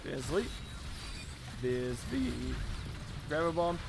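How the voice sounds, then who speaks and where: A man's voice: a little high, very animated, takes it slowly, music in the background. A man giving live esports play-by-play commentary, tired and rambling, with self-aware asides. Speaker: esports caster.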